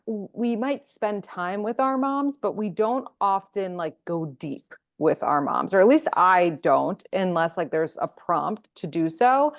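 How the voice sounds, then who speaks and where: A young woman hosting a podcast, talking in a casual, chatty way with many fillers. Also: on the low side. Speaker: podcast host. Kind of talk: podcast interview.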